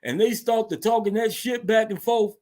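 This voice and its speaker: A man's voice: sits high, moderate pace, a little mellow. A man hosting a weekly wrestling recap, telling it in loose, slangy storytelling with swearing and laughs. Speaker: host.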